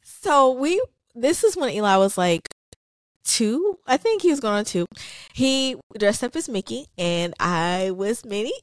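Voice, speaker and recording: A woman's voice: on the high side, lively intonation, measured pace, dry recording. A woman in her thirties co-hosting a mom podcast, chatting casually and laughing as she tells stories. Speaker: podcast co-host. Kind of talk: casual chat.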